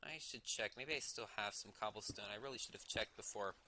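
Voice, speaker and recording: A young man with a slight lisp chats idly to himself while he plays a game on stream. His voice sits a little low, and he rambles and corrects his own words as he goes. Mouse clicks tap loudly behind him on a home mic. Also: a little fast, noisy background. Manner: musing aloud, self-correcting while playing. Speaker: livestreamer. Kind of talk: casual gameplay commentary.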